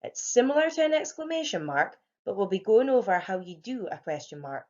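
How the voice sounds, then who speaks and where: A woman's voice: medium pitch, big pitch swings, fairly quick, darkish tone, lo-fi sound. A young woman, a primary teacher, patiently explaining grammar to young children at a whiteboard. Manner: clear, patient, encouraging classroom explaining. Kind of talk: home learning grammar lesson for young children.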